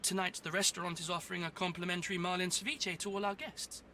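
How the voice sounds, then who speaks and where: An actor playing a stiffly polite hotel porter who speaks formally, in a video game. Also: male voice, sits high, flat delivery, quick pace, bright, forceful tone, a little hiss or hum, heavily acted. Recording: game audio over in-game music.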